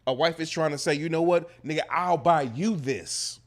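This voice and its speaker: A man's voice: on the high side, moderate pace. A man co-hosting a casual podcast, ranting in a heated, profane, emphatic way. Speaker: podcast co-host.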